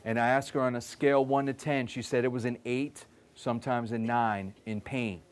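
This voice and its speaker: A man presenting at a wellness event, telling his stories with lively energy. His voice sits in a mid register, and he keeps checking in with the audience through a steady stream of "okay?". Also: medium pitch, normal speed, smooth. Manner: animated storyteller, frequent "okay?" check-ins. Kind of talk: live talk with stories.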